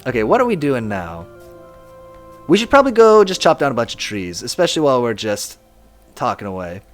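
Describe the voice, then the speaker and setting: A man's voice: medium pitch, very animated, fairly quick, faint music behind. A young man streaming a game and chatting with his viewers, talking casually, self-deprecating and laughing often. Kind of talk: casual live-stream chat, reading chat aloud.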